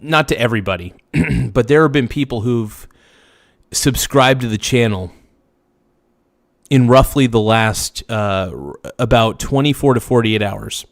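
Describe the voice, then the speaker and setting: A man hosting a casual livestream, slangy and hyped as he thanks subscribers, his voice slightly hoarse. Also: fairly low pitch, no room sound, clean studio sound. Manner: hypes subscribers, slangy and loose. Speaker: livestream host.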